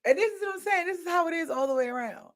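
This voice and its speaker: A woman hosting a candid talk show, telling stories in an animated way and often asking listeners "right?". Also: extremely high pitch, rapid-fire. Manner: animated storytelling, frequent rhetorical "right?" and laughter. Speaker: podcast host. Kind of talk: candid opinion talk addressing viewers.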